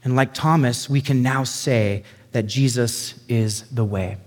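A man preaching a sermon as a pastor, animated and conversational, acting out quoted lines with sudden high bursts. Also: unhurried. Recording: long hall reverb.

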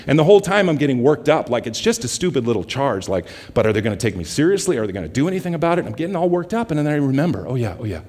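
A man giving a guest sermon in a church, mixing casual stories with slow, softly quoted scripture. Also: mid-range voice, sing-song, big-room sound. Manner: conversational, scripture quotes slowed and softened. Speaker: guest preacher from a justice ministry.

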